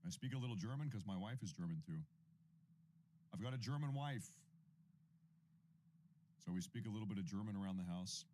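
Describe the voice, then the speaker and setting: Low-voiced rambling livestream news host. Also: male voice, expressive, brisk, pauses often, a little mellow, a little hiss or hum. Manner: rambling, repeats himself, thanks viewers for super chats. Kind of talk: casual livestream commentary.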